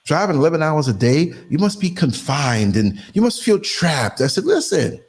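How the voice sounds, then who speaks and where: A middle-aged man from New York City hosting a podcast, telling stories in a casual, animated way and acting out the people he quotes. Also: a little high, normal speed. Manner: animated storyteller, acts out quoted voices. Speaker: podcast host. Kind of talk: casual conversation.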